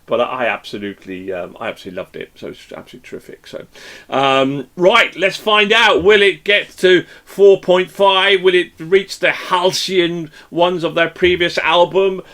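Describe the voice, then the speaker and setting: A man hosting a casual music review panel, rambling with many fillers and bursts of excitement. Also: high-pitched, normal speed. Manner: rambling, lots of ums and restarts, lively exclamations. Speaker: podcast host. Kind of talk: casual panel chat over video call.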